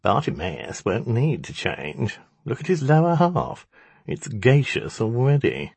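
Man doing a pompous jinn, haughty, mocking, husky voice, storybook spirit. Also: mid-range voice, big pitch swings, measured pace, darkish tone, no room sound, voice pushed up, exaggerated voice. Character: ruthless boastful male jinn, impatient and pompous.

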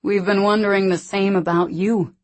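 A woman reading a big, mocking lumberjack in an audiobook, speaking slowly and slyly. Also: medium pitch, fairly even intonation, lightly acted.

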